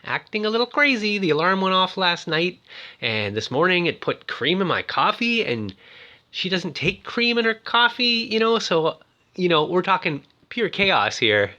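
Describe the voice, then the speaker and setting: A man's voice: high-pitched, big pitch swings, normal speed, pushed and bright, dull audio, voice pushed up, full character voice. A man voicing a frightened woman trapped in her own house, who speaks in a fretful, pleading way. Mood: worried.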